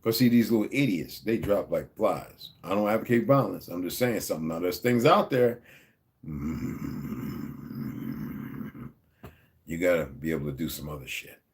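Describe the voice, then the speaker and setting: A man's voice: deep voice, expressive, moderate pace, breathy edge. A middle-aged man with a New Jersey accent, talking to his subscribers in a rambling, profane, confrontational monologue. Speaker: vlogger.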